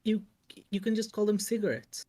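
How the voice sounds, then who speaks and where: A man with an Indian accent co-hosting a casual livestream chat, expressive and quick to agree and joke. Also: high-pitched, dry recording. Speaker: podcast co-host.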